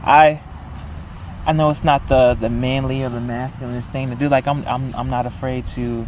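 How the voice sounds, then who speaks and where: Soft-voiced man, stretched syllables. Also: medium pitch, level tone, moderate pace, slight background noise. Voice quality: soft, light voice. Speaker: poet, podcast guest. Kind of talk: poetry reading and casual chat.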